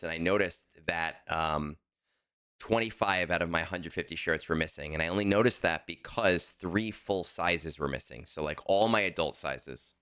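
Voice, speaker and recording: A man with a very low, smooth and clear voice carries a casual podcast chat. He tells a story in an animated way and leans hard on his points. His tone stays bright. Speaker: podcast co-host.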